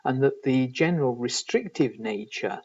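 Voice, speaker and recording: A man giving a recorded university lecture in linguistics, measured and explanatory, often pausing to find his words. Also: medium pitch, animated, a little mellow, slightly rough. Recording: distant, dull lo-fi recording.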